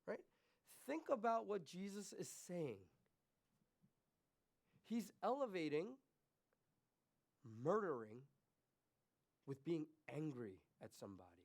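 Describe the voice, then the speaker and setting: A man preaching a sermon as pastor, swinging between quiet, confessional remarks and raised, emphatic questions to the congregation. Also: high voice, big pitch swings, slow pace, gravelly, long pauses. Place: church.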